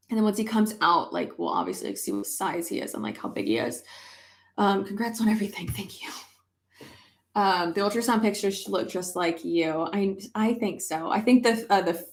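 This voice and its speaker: Young woman vlogger, casual rambling chat, swears freely, mid-pitched. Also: echoey room. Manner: chatty, swears casually, many fillers. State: pregnant. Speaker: YouTuber.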